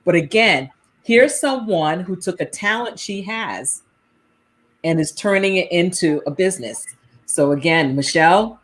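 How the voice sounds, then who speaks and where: A woman with a fairly low voice hosts a relaxed live conversation. She talks loosely and warmly encouraging, trailing off and filling gaps with ums while she hunts for a word. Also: unhurried. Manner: rambling, hesitant with many ums. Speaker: host. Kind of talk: casual livestream chat.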